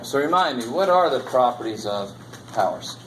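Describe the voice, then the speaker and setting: A man's voice: medium pitch, expressive, moderate pace, noisy background. A man teaching a college math class in a lecture, casual and jokey, swearing now and then. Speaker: math instructor.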